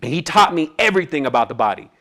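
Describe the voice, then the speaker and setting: Racing along in a slightly high, sing-song voice that sounds pushed and bright, a man presents a spiritual talk in a casual, streetwise style. He shares a personal story with an audience, performing the voices of the people in it.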